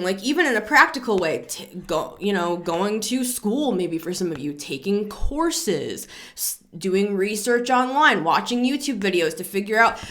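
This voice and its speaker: A woman's voice: mid-range voice, moderate pace. Rambling woman giving a tarot reading. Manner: rambling, repeats words, builds to excited emphasis. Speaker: tarot reader. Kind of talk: casual tarot reading talk.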